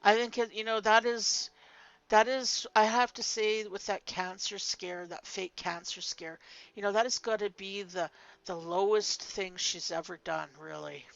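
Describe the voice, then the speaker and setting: A woman's voice: medium pitch, fairly even intonation, unhurried, vocal fry, lo-fi sound. An older woman telling a personal story in a vlog, blunt and emphatic, swearing freely. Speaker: vlogger.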